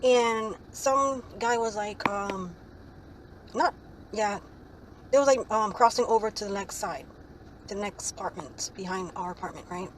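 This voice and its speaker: Over poor audio with a little hiss or hum, a young woman speaks at medium pitch and a slightly slow pace. She's telling a story in a casual vlog, rambling, heavy on "like, um," and ending phrases with a questioning "right?".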